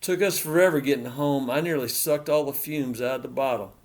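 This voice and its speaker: A man's voice: medium pitch, a little fast, lightly acted. A man voicing a cocky sixteen-year-old farm boy with a sly, laid-back drawl.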